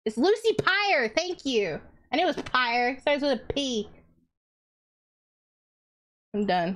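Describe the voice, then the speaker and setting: A woman's voice: sits high, animated, takes it slowly, long pauses, fairly bright tone. A woman live streamer chatting casually with her viewers, blunt and profane, teasing them as she goes.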